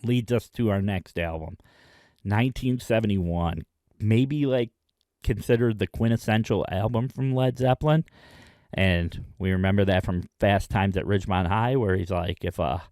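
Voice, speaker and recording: A man hosting his own video, chatting enthusiastically in a casual rundown with frequent pauses. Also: lowish voice, darkish tone, no echo, studio quality. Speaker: music video host.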